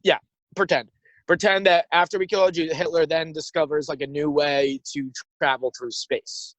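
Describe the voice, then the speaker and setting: A man's voice: on the high side, steady tone, a bit bright, no room sound, rough recording. A young man co-hosting a podcast, rambling and riffing jokes while recording on a phone inside his parked car. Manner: rambling, riffing, quick to joke. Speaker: podcast co-host. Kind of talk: casual comedic chat. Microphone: phone held in hand.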